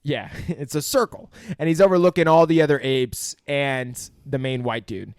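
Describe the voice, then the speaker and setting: A man's voice: mid-range voice, normal speed, clear, resonant tone, dry recording. A young man co-hosting a podcast, casually recapping a film with lots of swearing and acted-out lines. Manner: profane, animated, acts out scenes in quoted voices. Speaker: podcast co-host. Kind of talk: casual movie review chat.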